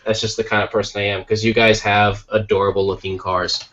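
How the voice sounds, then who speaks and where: An American man co-hosting a podcast, telling jokey stories in a lively, casual way while tired from little sleep. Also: lowish voice, fairly quick, muffled recording. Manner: animated, jokey storytelling. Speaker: podcast co-host. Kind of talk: casual chat.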